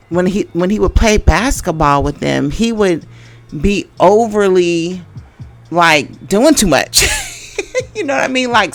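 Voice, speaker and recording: A woman's voice: on the low side, a bit bright. A middle-aged woman giving a casual tarot reading, rambling and hesitant, with many fillers and restarts. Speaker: tarot reader.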